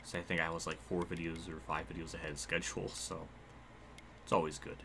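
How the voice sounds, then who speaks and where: A young man casually talking through a racing game livestream, excitable, laughing often and quick to swear. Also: low voice, vocal fry, noisy background.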